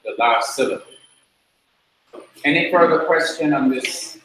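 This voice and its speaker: A man teaching a class, talking slowly and repeating words for the students to drill. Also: fairly high pitch, fairly bright tone. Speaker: Hebrew teacher. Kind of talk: classroom lecture. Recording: very echoey room, mic far off, faint noise.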